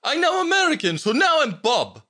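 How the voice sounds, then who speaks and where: A man voicing a huge, cheerful Slavic man with a strong accent who talks loudly in broken English. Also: extremely high pitch, huge pitch swings, moderate pace, voice pushed up, full character voice. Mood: boisterous. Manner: loud, broken English, exuberant.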